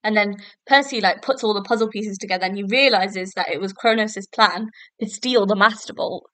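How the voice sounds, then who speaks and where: A woman's voice: mid-range voice, fairly quick, bright, forceful tone, no room sound. A young woman hosting a solo podcast, casually retelling scenes and quoting characters with lots of fillers. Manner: chatty, retells scenes with quoted lines, many fillers. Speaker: podcast host. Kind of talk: solo episode review, casual chat.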